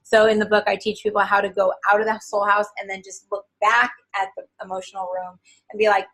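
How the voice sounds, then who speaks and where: An animated woman in her forties talks enthusiastically as an interview guest and scatters filler words through her sentences. Her voice is husky and breathy. Her pitch sits in the middle of the range. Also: fast talker, low-quality recording. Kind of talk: casual interview chat.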